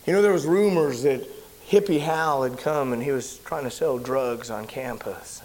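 A man preaching, telling a personal story in a sermon, animated and shouting at the big moments. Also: normal speed, a little hiss or hum. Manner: animated storyteller, shouts at high points, drops low and quiet when somber.

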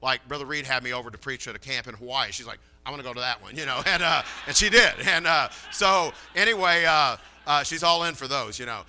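A man's voice: mid-range voice, expressive, a little fast, few pauses, bright, forceful tone. A man preaching a sermon in a folksy, chatty way, telling a story and acting out the dialogue.

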